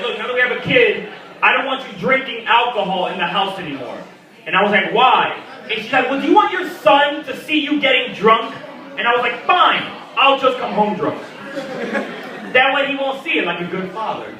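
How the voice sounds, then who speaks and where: A man's voice: extremely high pitch, animated, brisk. A young man performing a crude, mocking stand-up comedy set full of voiced quotes. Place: comedy club stage. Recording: echoey club mic from a distance with crowd. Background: audience laughter.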